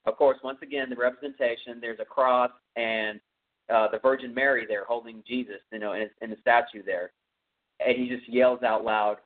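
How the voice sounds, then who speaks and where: A man with a Texan accent hosting a podcast, casually retelling a horror movie's plot in a rambling way full of fillers. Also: mid-range voice. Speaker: podcast host. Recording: tinny phone-like audio.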